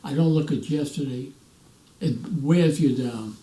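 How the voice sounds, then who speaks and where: A man in his nineties, a veteran, telling animated stories in an interview and acting out the voices of others. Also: mid-range voice, measured pace. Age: 90s. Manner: animated storyteller, acts out quoted voices, restarts often. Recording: roomy echo, mic at a distance.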